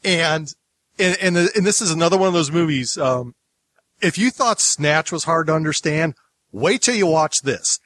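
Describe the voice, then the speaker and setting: A man's voice: on the high side, expressive, moderate pace, fairly bright tone. A man from the United States hosting a podcast, chatting casually in a rambling way with many restarts. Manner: rambling, lots of restarts and asides. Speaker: podcast host.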